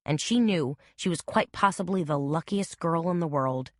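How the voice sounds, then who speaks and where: Low-voiced woman narrating an audiobook. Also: moderate pace, dry recording.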